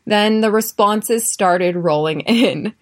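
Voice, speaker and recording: An American woman hosting an English-learning podcast, telling personal stories and drilling phrases slowly for listeners to repeat. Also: mid-range voice. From United States. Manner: clear, slow drilling in repeat-after-me phrases; chatty, often tags lines with "right?". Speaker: podcast host and English teacher. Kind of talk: podcast lesson.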